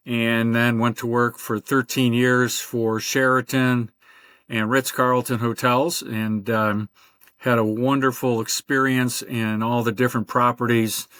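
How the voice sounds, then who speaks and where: Older guy rambling thru his career story on a podcast, lots of uhs, mid-pitched, super dry sound. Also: fairly bright tone, no echo. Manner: rambling storyteller with many fillers. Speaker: podcast guest. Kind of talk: conversational interview.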